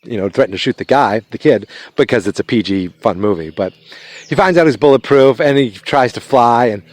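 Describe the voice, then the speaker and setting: A man of middle pitch talks through a film's story in a relaxed, meandering way. He stops, restarts and fills gaps with ums as he goes. The sound is dry, with no room around him. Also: a little fast, no room sound. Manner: rambling, loose retelling with many fillers and restarts. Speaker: podcast host. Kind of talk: casual movie recap.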